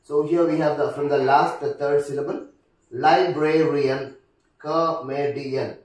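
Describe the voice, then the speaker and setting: A man with an Indian English accent teaching a lesson on word stress, speaking deliberately and repeating each example word. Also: on the high side, steady tone, darkish tone. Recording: echoey room, distant mic.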